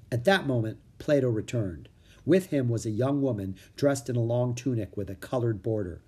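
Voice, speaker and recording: A man reading a children's chapter book aloud, expressive storytelling. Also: medium pitch, moderate pace, slightly rough. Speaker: audiobook reader.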